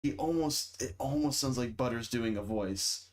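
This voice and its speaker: A man's voice: medium pitch, moderate pace. Sarcastic swearing male streamer. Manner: blunt, sarcastic, heavy swearing. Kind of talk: casual reaction chat.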